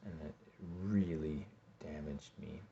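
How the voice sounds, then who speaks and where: A man vlogging a personal story, halting and repeating himself as he acts out his own pleas. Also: extremely low pitch, vocal fry, warm tone, slight background noise. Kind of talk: personal story told to camera. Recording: dull lo-fi recording.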